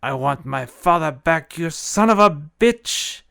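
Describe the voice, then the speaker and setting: A man voicing a relentless, vengeful swordsman who speaks forcefully. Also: mid-range voice, flat delivery, slow, vocal fry, clean tone, dry recording, studio quality. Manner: forceful, repetitive.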